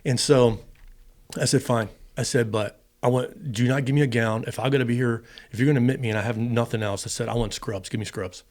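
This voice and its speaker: A middle-aged man from the United States, once a fighter pilot, is a guest on a podcast, casually relating a long personal story and acting out each side of the dialogue. His mid-range voice is steady and a little mellow, moving fairly quickly.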